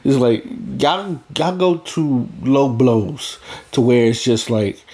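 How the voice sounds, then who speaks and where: A man's voice: medium pitch, animated, takes it slowly, a little mellow. A man talking bluntly in a casual monologue, profane and rambling, restarting his sentences as he goes. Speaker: vlogger.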